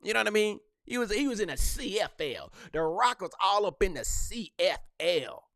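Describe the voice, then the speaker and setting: A young man hosts a live podcast, talking fast in slang and riffing with quick laughs. His voice sits high and swings widely in pitch. The sound is dry and close, with no room around it. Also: sing-song, creaky, a bit bright, no room sound. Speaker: podcast host.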